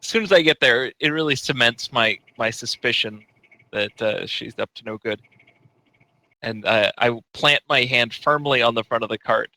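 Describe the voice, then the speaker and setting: A man's voice: medium pitch, normal speed, creaky, pushed and bright, low-quality recording. A man playing his character in a tabletop game, casual and hesitant. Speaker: player.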